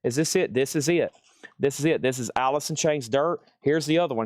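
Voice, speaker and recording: Excitable man calling out record prices. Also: a little high, dry recording, studio quality. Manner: excitable, calls out titles and prices in quick bursts; frequent exclamations of surprise. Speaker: record seller running a live auction. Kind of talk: live online sales stream.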